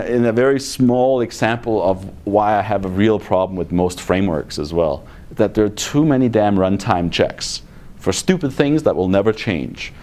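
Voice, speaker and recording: A man's voice: lowish voice, a little mellow. A man giving a technical conference talk in a blunt, exasperated manner with sarcastic asides. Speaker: conference speaker. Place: conference room.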